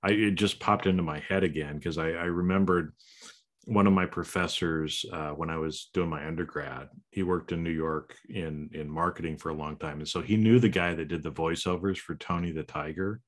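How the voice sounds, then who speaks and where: A man hosting a podcast in a casual conversation, animated and given to playful silly voices. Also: deep voice, normal speed. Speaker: podcast host.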